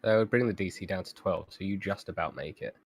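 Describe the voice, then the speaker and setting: A man running a tabletop game as game master, narrating with many halting fillers. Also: low voice, slightly rough, no room sound.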